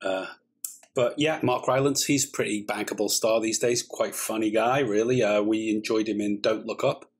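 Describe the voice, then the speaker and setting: A man's voice: on the low side, steady tone, moderate pace, slightly rough. A man co-hosting a film reaction chat, talking in a jokey, rambling way. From Britain. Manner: chatty, jokey, rambling asides. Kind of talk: casual chat.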